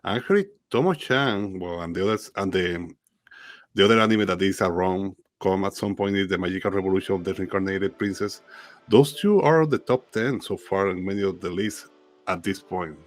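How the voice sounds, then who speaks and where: Low-voiced man rattling off lists. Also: moderate pace. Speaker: podcast co-host. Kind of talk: casual podcast chat.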